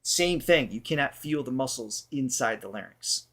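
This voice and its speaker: A man who is a vocal coach and show host, explaining how the voice works with everyday analogies in a relaxed reaction chat. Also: mid-range voice, moderate pace.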